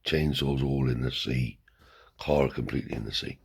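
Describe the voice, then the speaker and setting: A man with a very low, husky voice tells a rough-edged tale from his past. He talks bluntly and swears freely, seated as he spins the story. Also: normal speed. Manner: blunt, swears heavily, animated yarn-spinning. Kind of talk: casual spoken storytelling. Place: seated indoors.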